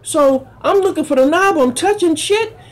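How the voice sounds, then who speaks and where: Profane, animated stand-up comedian man. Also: normal speed. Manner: profane, animated, jumps into high exclaiming yells. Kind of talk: stand-up storytelling.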